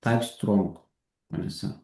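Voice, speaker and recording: A man's voice: lowish voice, takes it slowly, warm tone, reverberant. A man teaching a live coding lesson, patient, who keeps asking if his student understands. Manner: patient, repeats himself and checks understanding.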